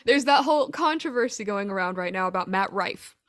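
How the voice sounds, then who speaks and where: A woman's voice: mid-range voice, expressive, a little fast. A woman hosting a casual podcast chat, laughing often and swearing freely. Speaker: podcast host.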